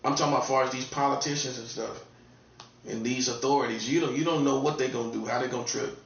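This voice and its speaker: An online commentator with a Southern accent from North Carolina speaks quickly in a steady, mid-range voice. His laid-back monologue is repetitive and sounds like a warning. It is captured in a distant, echoey recording with dull lo-fi room sound.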